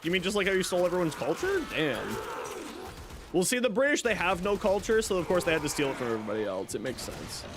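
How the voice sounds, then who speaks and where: A young man streams a video game and chats casually with his viewers, answering chat as he plays. His voice sits high and sing-song at a quick pace, with game audio and background noise in the recording.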